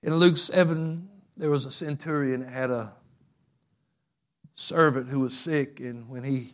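A man preaching a fervent sermon, telling stories and swinging from loud bursts to hushed passages. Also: mid-range voice, steady tone, measured pace.

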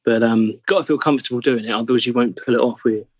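A man's voice: medium pitch, steady tone, very fast, husky, no room sound, lo-fi sound. An English man, an actor, chatting as a podcast guest in a thoughtful way, often searching for words and trailing off. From England. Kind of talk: casual interview chat.

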